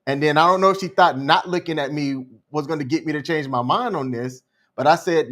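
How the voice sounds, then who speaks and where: A man co-hosting a podcast, telling a story in a calm, measured, unhurried way. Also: on the high side. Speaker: podcast co-host. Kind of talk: casual storytelling chat.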